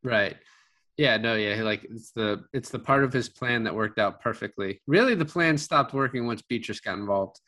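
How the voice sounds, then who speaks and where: A man's voice: medium pitch, normal speed, pushed and bright. A man casually reviewing a film with a co-host, rambling with many fillers and restarts. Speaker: podcast co-host. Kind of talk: casual movie review chat.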